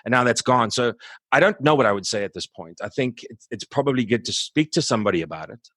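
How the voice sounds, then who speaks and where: A man in his forties talking candidly in an interview, halting and subdued, with many restarts as he searches for words. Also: mid-range voice, expressive, a bit bright, dry recording. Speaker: musician guest.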